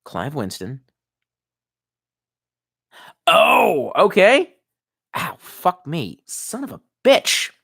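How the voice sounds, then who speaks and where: Young male streamer, tipsy, profane and rambling; lively pitch, dry close sound. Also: drawn-out words, creaky, long pauses, slightly rough, no echo. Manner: rambling, profane, reads chat aloud. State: tipsy from wine. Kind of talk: casual live-stream chat.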